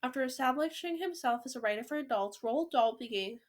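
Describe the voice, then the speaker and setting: A woman reads a children's book aloud with an expressive, animated delivery. Her voice sits fairly high. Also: fairly quick. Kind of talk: reading a children's novel aloud.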